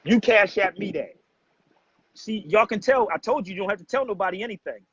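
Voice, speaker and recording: On a casual livestream with muffled, dull, lo-fi sound and no echo, a man lectures his audience and calls out a commenter in a confrontational, preachy tone, treating the chat as family. His voice is high, slightly rough, and fairly quick.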